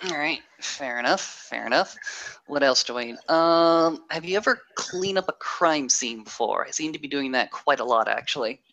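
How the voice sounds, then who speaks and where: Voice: mid-range voice, animated, creaky, sharp tone, highs cut off. A game master running a tabletop role-playing game, talking casually and wryly. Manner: casual, wry, quick asides. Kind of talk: tabletop role-play narration and in-character talk.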